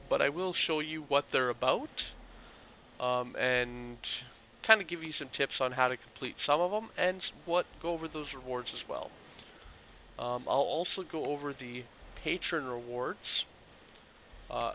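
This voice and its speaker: Slightly hoarse man narrating gameplay. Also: mid-range voice. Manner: loose, explanatory, talks to viewers directly. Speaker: video game walkthrough host. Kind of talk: casual gameplay walkthrough commentary. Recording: tinny phone-like mic with faint hiss.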